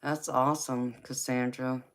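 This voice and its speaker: Southern-accented woman, tarot stream host; low, unhurried delivery, easy laughter. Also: flat delivery. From Los Angeles, USA. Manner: laughs often, calls viewers baby. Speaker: tarot reader hosting a live chat. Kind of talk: casual livestream chat.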